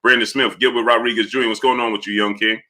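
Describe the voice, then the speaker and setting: A man's voice: medium pitch, little pitch movement, fast talker, pushed and bright. A man hosting a casual live stream, talking through his point while he greets viewers by name from the chat.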